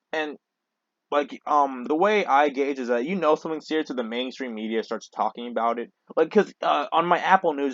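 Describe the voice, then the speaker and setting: A young man rants into his camera in a loose, rambling way, swearing often and restarting his sentences. His voice sits in a middle pitch, and the recording is dry and a little dull. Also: no room sound. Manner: profane, rambling, with frequent restarts and fillers. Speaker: vlogger. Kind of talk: casual ranting monologue to camera.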